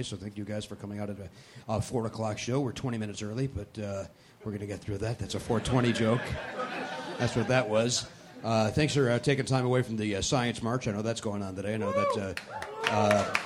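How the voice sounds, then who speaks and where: A man hosting a podcast live on a comedy club stage, talking in a brash, sarcastic, profane way. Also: medium pitch. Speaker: podcast host. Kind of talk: live stand-up style podcast banter. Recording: live club recording with crowd and noise. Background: audience laughter.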